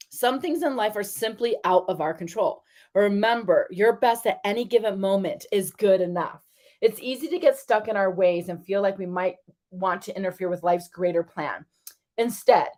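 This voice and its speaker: A woman giving a spiritual card reading to her viewers, chatty and encouraging, often calling them "you guys" and getting animated when she tells a story. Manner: animated, pitch jumps when retelling stories. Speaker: tarot reader.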